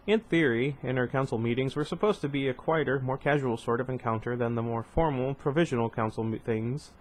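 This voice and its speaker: A man's voice: mid-range voice, a little fast, hardly any pauses. A man reading a novel aloud at home, now and then breaking off to comment and restart a line. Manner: stops to comment and restart lines. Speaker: reader.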